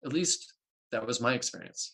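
Middle-aged male guest, lively storyteller, voices the dialogue he recounts, rises high when excited. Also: brisk. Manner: animated storyteller, acts out dialogue with big pitch jumps. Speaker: guest, artist and spiritual practitioner. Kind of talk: storytelling interview talk.

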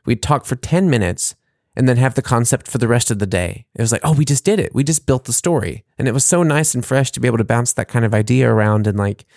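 A man's voice: medium pitch, lively intonation, fast, creaky, darkish tone, dry recording, studio quality. A man co-hosting a podcast in casual chat, rambling and laughing at his own jokes. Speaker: podcast co-host.

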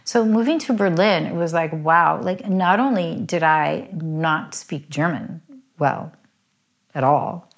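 Woman, middle-aged, low-pitched, chatty, filler-heavy storytelling. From United States. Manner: chatty, fast, full of "like" fillers. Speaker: interview guest. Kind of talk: candid personal storytelling.

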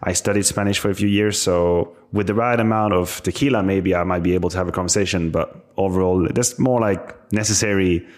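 A man's voice: deep voice, brisk, few pauses. A man in his thirties, a podcast guest talking casually and joking about his gaming past. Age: 30s. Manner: relaxed, joking, speaks in short restarting phrases. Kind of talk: casual interview chat.

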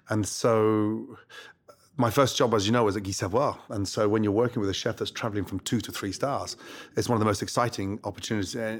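Middle-aged man, Scottish accent, low voice, brash, swears, animated storyteller. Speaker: chef, guest. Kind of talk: casual interview.

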